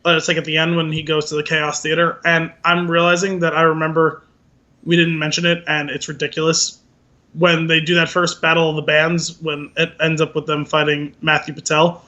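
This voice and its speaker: A man co-hosting a podcast in casual chat, animated and acting out movie scenes in funny voices. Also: on the high side, brisk, lo-fi sound. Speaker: podcast co-host.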